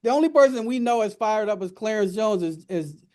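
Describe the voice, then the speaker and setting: A man hosting a radio talk show, speaking earnestly and reverently, with lively laughing stretches. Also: high-pitched, fairly quick. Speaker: radio host. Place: radio studio.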